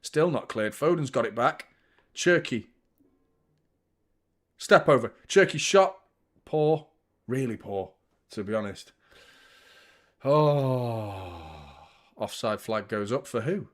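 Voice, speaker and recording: A man's voice: mid-range voice, expressive, slow pace, long pauses. A young man hosting a live football watchalong, commenting on the match and swearing freely as he gets heated.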